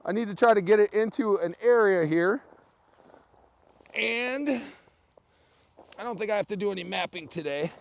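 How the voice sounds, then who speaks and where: High-voiced man vlogging outdoors in the cold. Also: normal speed, gravelly, long pauses. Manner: chatty, laughs a lot, talks to viewers. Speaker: livestream host. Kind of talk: casual live vlog outdoors. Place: outdoors in freezing wind and snow. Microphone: camera on a tripod.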